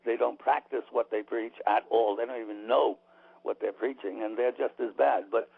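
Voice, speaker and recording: A man's voice: mid-range voice, steady tone, moderate pace, creaky, breathy edge, no echo. A man being interviewed on the radio, talking emphatically and opinionatedly with frequent restarts, heard over a tinny phone line. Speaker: author and guest.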